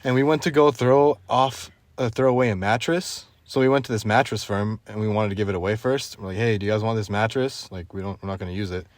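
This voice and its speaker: A young man hosting a casual podcast, telling a story in an animated way and laughing often. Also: lowish voice, quick pace, hardly any pauses, dry recording. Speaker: podcast host. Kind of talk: casual chat.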